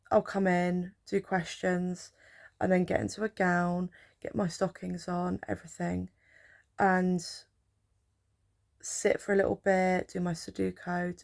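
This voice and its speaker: Drowsy chatty woman, gravelly voice. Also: on the low side, darkish tone. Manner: chatty, rambling, with filler words. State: drowsy from painkillers. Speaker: healthcare support worker. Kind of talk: casual storytelling vlog.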